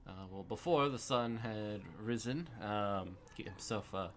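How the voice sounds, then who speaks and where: A man in a tabletop game talks slowly and haltingly, leaning on fillers. His voice sits a little low, and faint noise runs behind him. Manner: slow, hesitant, many fillers. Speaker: player.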